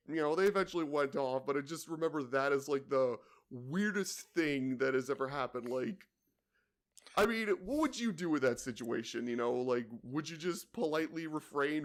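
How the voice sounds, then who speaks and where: A man's voice: mid-range voice, lively intonation, moderate pace. A young man co-hosting a podcast, telling a work story in a rambling way, full of "you know" and "like". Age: young adult. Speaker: podcast co-host. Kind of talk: casual chat, telling work stories.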